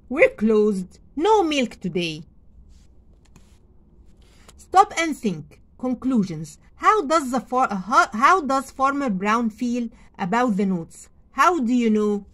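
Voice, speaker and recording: A woman whose first language is Arabic reads a children's storybook aloud as a teacher, with slow, expressive delivery and pauses to ask the class questions. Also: a little high. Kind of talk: read-aloud story lesson for young children.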